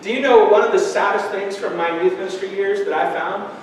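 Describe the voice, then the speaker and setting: A high-pitched male pastor preaches to his congregation, chatty and animated, throwing questions out to the room. His voice rings through a large church hall with long reverb, picked up from a distance. A faint hiss sits underneath. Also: brisk. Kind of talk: sermon. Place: church sanctuary. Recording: echoey church hall from far off.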